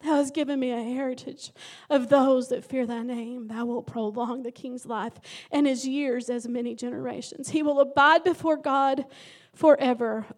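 High-voiced woman pastor preaching. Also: steady tone, moderate pace, hardly any pauses. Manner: emotional, dramatic storytelling with sudden loud emphasis. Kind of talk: sermon.

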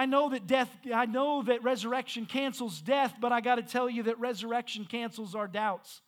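Male pastor, strikingly high pitch; conversational sermon delivery that builds to emphatic peaks. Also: a bit bright. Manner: conversational, then rising to emphatic preaching with stumbles.

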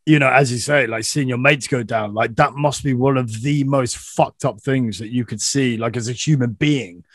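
A man's voice: mid-range voice, normal speed, a bit bright, dry recording, clean studio sound. A man hosting a casual podcast, laid-back and sweary, often agreeing with his guest. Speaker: podcast host. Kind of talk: casual interview chat.

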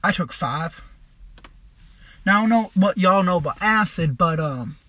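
Husky, bright-voiced young man telling a wild story. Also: high-pitched, a little slow, no room sound. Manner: profane, rambling, animated retelling. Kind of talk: casual storytelling monologue.

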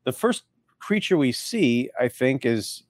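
A man's voice: medium pitch, very animated, unhurried, no echo. A man co-hosting a casual movie podcast, talking in a wry, sarcastic way with casual swearing. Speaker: podcast co-host.

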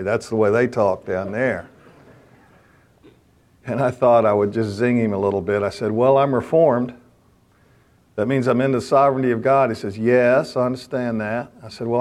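A man's voice: medium pitch, a little mellow. A middle-aged man giving a sermon-style talk to men, telling stories and rising to fervent prayer. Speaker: chaplain speaking to men.

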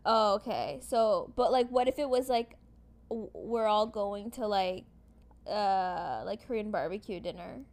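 A woman's voice: mid-range voice, lively intonation, unhurried, a little mellow. A young woman co-hosting a podcast in casual chat about dating, easygoing and hedging, with many fillers. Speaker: podcast co-host.

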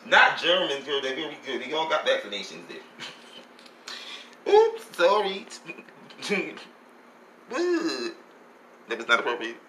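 A man's voice: on the high side, huge pitch swings, slow pace, pauses often, pushed and bright, roomy sound, slight background noise, rough recording. A man delivering a sassy, campy comic gossip monologue, laughing often and calling everyone honey and girl.

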